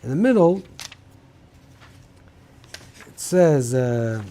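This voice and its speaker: Husky rabbi teaching an informal class. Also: male voice, mid-range voice, lively intonation, fairly quick, dark tone. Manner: thinking aloud, many restarts, mixes Hebrew terms into English. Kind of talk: informal Torah lecture.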